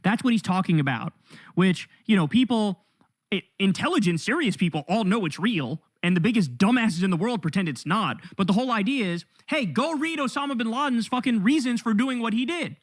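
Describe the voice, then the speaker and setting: An exasperated male commentator rants at length, full of profanity and disbelief. His pitch jumps around a lot, rising and falling as he vents. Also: expressive, a little fast. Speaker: political commentator. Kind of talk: profane political rant.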